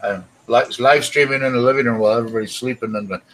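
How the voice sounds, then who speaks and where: A man's voice: medium pitch, steady tone, racing, a bit bright, a little hiss or hum. A man hosting a casual live stream from his living room, chatting with guests while he tinkers and mutters.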